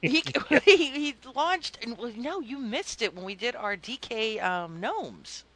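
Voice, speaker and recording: A woman co-hosting a gaming podcast, telling stories in a giggly, animated way. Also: fairly high pitch, measured pace, crowd noise. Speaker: podcast host. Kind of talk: casual chat.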